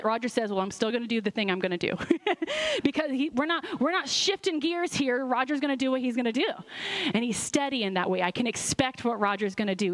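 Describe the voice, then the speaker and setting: A middle-aged woman pastor preaching a sermon in a bubbly, animated way, often laughing and acting out quotes. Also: a little high.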